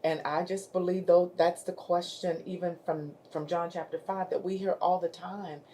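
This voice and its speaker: A woman's voice: lowish voice, flat delivery, moderate pace, dark tone, a little hiss or hum. A woman hosting a faith talk show, who quotes scripture in a preacherly way with emphatic rises. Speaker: host.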